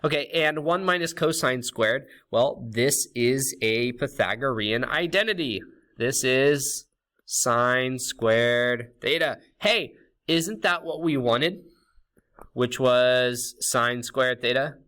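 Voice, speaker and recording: A man's voice: medium pitch, slow, bright, forceful tone. A man teaching a recorded math lesson in a casual, chatty way, with fillers, restarts and jokey asides.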